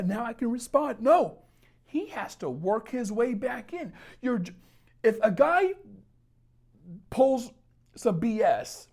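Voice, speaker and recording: A man's voice: high voice, a little mellow. A man talking straight to camera as a dating coach, giving blunt, emphatic advice and swearing freely. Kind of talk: casual advice monologue.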